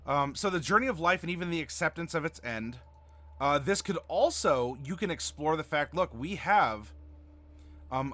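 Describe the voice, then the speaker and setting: A man's voice: fairly high pitch, lively intonation, moderate pace, sharp tone. A man hosting a livestream as game master, chatting casually and reading viewer messages aloud. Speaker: game master and stream host.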